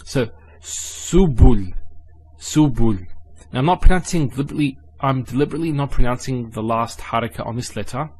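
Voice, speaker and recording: Patient man teaching Arabic letter sounds. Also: mid-range voice. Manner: patient, repeats sounds slowly and carefully. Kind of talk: spoken lesson.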